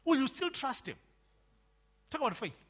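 A man preaching a sermon, emphatic, swinging between loud outbursts and quiet asides. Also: extremely high pitch, very animated, moderate pace.

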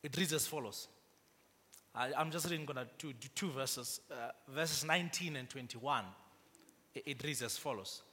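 A man's voice: medium pitch, moderate pace, sharp tone, husky, big-room sound. A man preaching a sermon to a congregation, prompting them to respond and building to emphatic rises. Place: church.

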